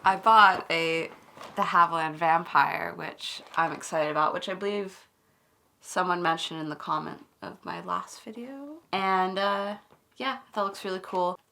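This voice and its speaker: A young woman co-hosts a hobby video in relaxed, teasing chat. Her voice is bright and a little low, with a gravelly fry at the ends of her phrases. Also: a little slow. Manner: playful, teasing, giggly. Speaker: co-host of a model-kit channel. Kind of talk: casual chat.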